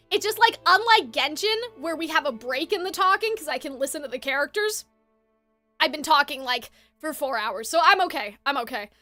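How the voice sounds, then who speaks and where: Woman streamer, very high and sharp-toned; chatty, rambling, self-correcting live talk. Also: animated, normal speed, faint music behind. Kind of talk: casual live-stream chat.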